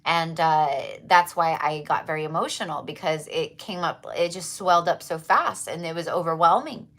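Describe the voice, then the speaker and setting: A woman's voice: low voice, moderate pace, a bit bright. A woman hosting a tarot livestream, chatting casually and effusively to her viewers with lots of fillers and repeats.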